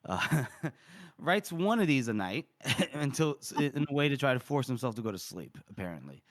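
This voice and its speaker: A man's voice: medium pitch, big pitch swings, normal speed. A man co-hosting a book podcast, playfully recapping chapters with frequent laughs.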